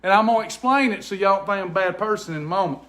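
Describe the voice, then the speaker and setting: At home indoors, the host of a faith-based weight loss ministry talks to camera in a casual, preachy manner. His voice sits high and a bit bright, and he races along, earnest and emphatic, often repeating words to hammer a point home.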